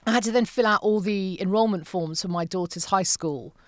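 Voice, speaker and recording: A woman's voice: mid-range voice, fairly quick, no echo, studio quality. A British woman around fifty, a broadcaster guesting on a podcast, telling stories animatedly and acting out the voices she quotes. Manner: animated storyteller who acts out quoted voices. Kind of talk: casual interview chat.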